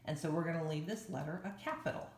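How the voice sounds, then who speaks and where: A woman teacher giving a reading lesson to young children, spelling words out slowly and clearly. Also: low-pitched, a little mellow, echoey room. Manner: slow, clear spelling out of letters for young learners.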